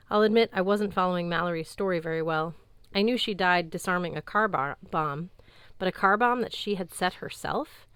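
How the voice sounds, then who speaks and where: A woman narrating an audiobook in a measured, even tone, recorded close on a studio mic. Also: lowish voice, clean tone, no echo. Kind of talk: scripted narration.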